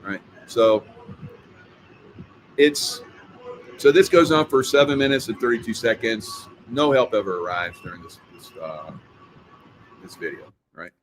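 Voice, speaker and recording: A man's voice: lowish voice, expressive, measured pace, pauses often, a little hiss or hum. A middle-aged man hosting casual political commentary, rambling with many fillers and tag questions. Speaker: host.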